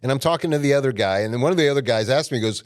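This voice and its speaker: A man's voice: medium pitch, rapid-fire, smooth, dry recording. Man telling a rambling story, dry sound. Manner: rambling, colloquial, mildly profane. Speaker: podcast guest or host. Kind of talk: casual storytelling on a podcast.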